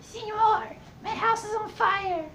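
Guy in falsetto doing a screechy old mom, slow and gravelly, echoey far-off sound. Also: fairly even intonation, bright, forceful tone, a little hiss or hum, full character voice. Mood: panicked. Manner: falsetto shriek. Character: shrieking old mother, panicky. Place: school library. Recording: echoey library from afar.

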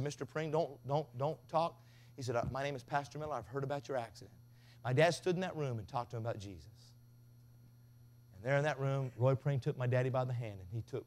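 Folksy storytelling preacher, slightly high voice. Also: male voice. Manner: folksy storyteller, mimics voices, builds to shouting. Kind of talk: revival sermon with storytelling. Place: revival tent.

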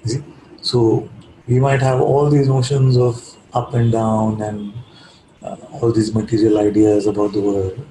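A man giving a calm, reflective spiritual talk, telling a parable and often checking in with his listeners. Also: fairly low pitch, a little slow, a little hiss or hum. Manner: calm, reflective, keeps asking "you see?". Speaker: spiritual teacher. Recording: echoey room.

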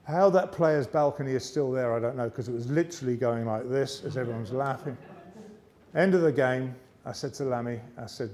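English male speaker, warm and mellow, lively anecdotal delivery to a live audience. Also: mid-range voice, brisk. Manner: lively yarn-spinning with character voices. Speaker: motivational speaker. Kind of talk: anecdotal storytelling speech. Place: arts centre stage, live audience.

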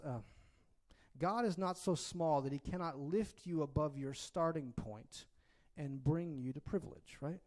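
A man's voice: on the high side, a little mellow. A man preaching a sermon in a conversational way, often checking in with his listeners and delivering it expressively. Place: church.

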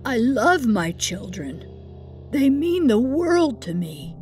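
A woman's voice: a little high, big pitch swings, slow pace, faint music behind, voice pushed up. Woman doing a meek, hesitant father. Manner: hesitant and soft.

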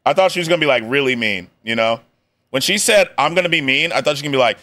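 A man's voice: medium pitch, expressive, rapid-fire, pushed and bright. A young man reacting to a video on a live stream, joking in slang and laughing often. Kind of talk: casual reaction commentary.

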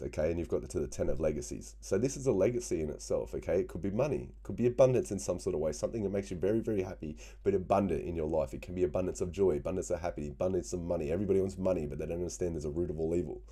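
A man's voice: sits low, dark tone, slightly rough. A man giving a casual tarot reading, often checking in with "okay?" and "yeah?" as he explains the cards. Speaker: tarot reader.

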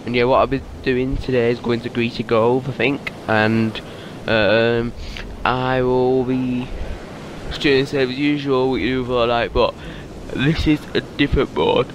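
A man's voice: mid-range voice, steady tone, measured pace, background noise. A man giving casual, rambling gameplay commentary, half asleep and easily startled. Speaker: gaming YouTuber.

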